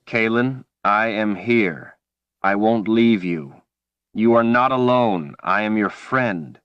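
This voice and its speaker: An earnest young man pleads with a friend in urgent, steady words, as a man reading an audiobook voices him. The voice stays low and full, with a close, dry sound. He leans into each line. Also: slow pace, smooth, no echo, highs cut off.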